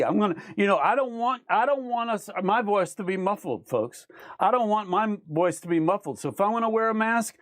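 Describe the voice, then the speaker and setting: A man's voice: high voice, dry recording, clean studio sound. A man hosting a live show, reading viewer comments aloud and arguing with them in an emphatic, repetitive way. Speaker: livestream host. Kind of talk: ranting live chat reading.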